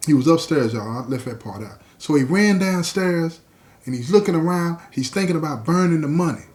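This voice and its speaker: A man hosting a podcast, retelling a story in an animated, conversational way and speaking directly to his listeners. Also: on the high side, a little fast. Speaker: podcast host.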